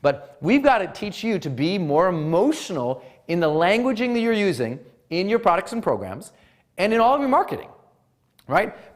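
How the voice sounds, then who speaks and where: A man from Montana coaches experts on marketing, his voice swooping up and down as he pushes each point. His slightly high voice stays emphatic, almost singing the lines. He speaks like an instructor giving a pep talk. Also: normal speed. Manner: animated, sing-song emphatic delivery.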